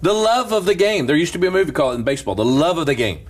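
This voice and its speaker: A man with a slightly husky voice tells a story as a pastor, lively and swinging up and down in pitch. He laughs often and slips into a rhythmic preaching cadence when he gets going. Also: rapid-fire. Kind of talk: storytelling sermon-style chat.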